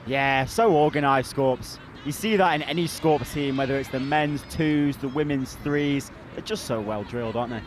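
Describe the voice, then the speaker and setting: A man out of breath, chatting casually as a co-commentator with quick, blokey reactions. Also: mid-range voice, slight background noise.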